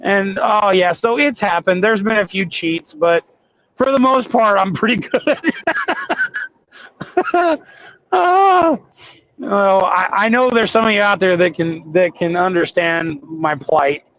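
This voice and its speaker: A man's voice: high-pitched, slow, fairly bright tone, no room sound, highs cut off. A man who drives trucks, talking candidly and hesitantly with viewers on a livestream from his cab. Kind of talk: casual livestream chat while driving.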